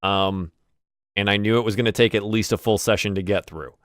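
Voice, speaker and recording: A man runs a tabletop game over a call, narrating turns in a relaxed, casual way and swearing now and then. His voice sits a little low. The sound is close and dry. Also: a little fast, dry recording. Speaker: game master.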